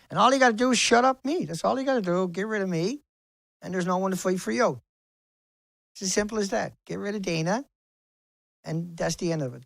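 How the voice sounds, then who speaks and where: On a beach, a man vlogging as an activist rants angrily to the camera, swearing and repeating phrases for emphasis. His voice is a little high and creaky, in a dry recording.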